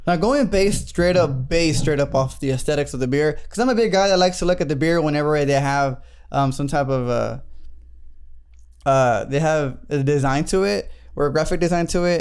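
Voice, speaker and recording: A man's voice: on the high side, brisk, a little mellow, clean tone. A man hosting a casual beer review show, reading label text aloud with stumbles and chatty asides. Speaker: podcast host.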